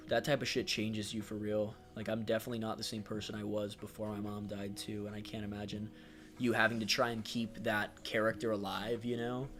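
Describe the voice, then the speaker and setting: A man's voice: lowish voice, little pitch movement, moderate pace, fairly bright tone, faint music behind. A man hosting a casual livestream, speaking affectionately and supportively with many fillers, reading viewer comments aloud. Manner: reads chat comments aloud. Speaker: livestream host.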